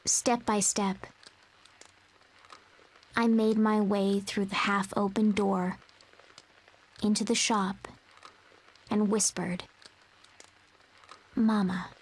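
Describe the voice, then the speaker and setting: A woman voicing a lonely young girl who narrates her past in a soft, brooding whispered role-play for a video game. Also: medium pitch, low-quality recording. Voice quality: breathy, often whispered.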